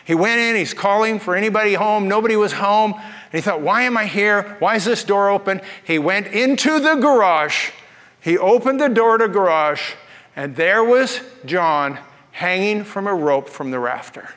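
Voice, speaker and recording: A male pastor delivers a sermon in a church, his fairly high voice carrying long reverb from the hall. He tells stories in an animated way and drops playful asides. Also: normal speed.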